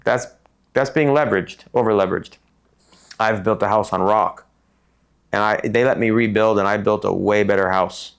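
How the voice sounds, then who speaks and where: A middle-aged man from Tucson, a podcast guest telling stories in an animated way and acting out the people in them. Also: fairly low pitch, moderate pace, gravelly, clear, resonant tone. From Tucson, Arizona. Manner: animated, acts out voices in his stories. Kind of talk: casual storytelling interview.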